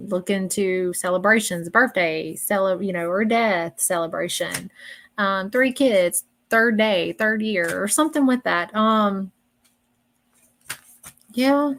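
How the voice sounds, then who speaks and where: A woman gives a live psychic reading in a blunt, chatty manner. She keeps checking in with her listeners, and her voice sits at an ordinary middle pitch. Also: fairly bright tone. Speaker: psychic medium.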